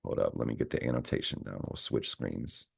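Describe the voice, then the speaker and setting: Very deep-voiced man ranting a tarot reading. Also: brisk, gravelly, husky. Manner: fired-up, profane, ranting, swings into loud outbursts. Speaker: astrology and tarot reader. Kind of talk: tarot reading monologue to camera.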